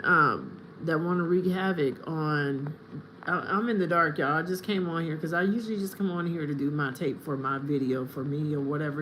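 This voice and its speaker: Livestreamer, from the US, rambling, confrontational, addressing chat, middle pitch. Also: fairly bright tone, slight background noise, poor audio. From United States. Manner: rambling, grows heated and confrontational.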